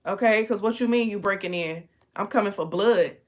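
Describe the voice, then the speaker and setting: A woman talks casually late at night, sleepy and chatty. She swears freely, laughs often and calls her listeners y'all. Her voice sits at an ordinary middle pitch for a woman. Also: a little fast. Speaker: spiritual channel host.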